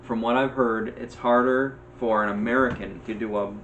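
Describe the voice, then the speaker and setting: A man co-hosting a casual movie chat. He speaks hesitantly and agreeably, filling pauses with ums. His audio is slightly dull and muffled, with a faint hiss underneath. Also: medium pitch, fairly even intonation, a bit bright. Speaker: podcast co-host.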